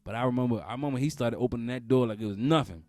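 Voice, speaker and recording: A man, talking as a podcast host in a comedic, casual monologue, repeating phrases and breaking into loud outbursts. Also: medium pitch, very fast, no room sound.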